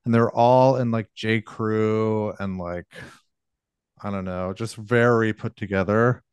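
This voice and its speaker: Guy on a podcast rambling through a story, smooth lowish voice. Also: fairly even intonation, takes it slowly, no echo. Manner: rambling storyteller, many fillers. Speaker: podcast co-host. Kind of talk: casual chat.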